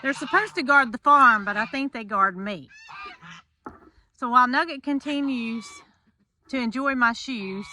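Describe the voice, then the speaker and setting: A woman's voice: fairly high pitch, a little slow, long pauses, sharp tone, slight background noise, low-quality recording. A woman chatting straight to her viewers in a casual farm vlog, filmed on a handheld phone. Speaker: farm vlogger. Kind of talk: casual vlog narration to camera. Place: farm and truck, in and out of doors.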